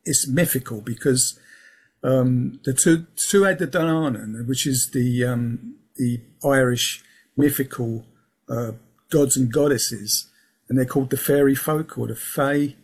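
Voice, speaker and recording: A man speaks in a rough, gravelly voice with a husky, airy edge. He talks as a guest in a relaxed interview, wandering through his points with plenty of ums and restarts. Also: mid-range voice, unhurried. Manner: rambling, restarts often, fills with um and yeah. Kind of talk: casual interview chat. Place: lives in England.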